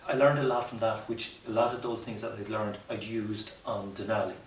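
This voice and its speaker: Man, podcast guest, earnest storytelling, low-ish voice, roomy sound, faint hiss. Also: steady tone, brisk, recorded from a distance. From Ireland. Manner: reflective, earnest, many restarts and "you know" asides. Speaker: guest, mountaineer. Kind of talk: conversational storytelling interview.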